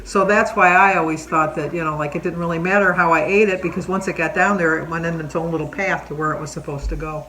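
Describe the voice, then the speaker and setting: A woman's voice: sits low, steady tone, fast, few pauses, sharp tone, rough recording. An older woman chatting casually as host, wandering into long stories and laughing as she goes. Faint noise sits behind her voice. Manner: chatty storyteller, laughs often. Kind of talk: casual chat.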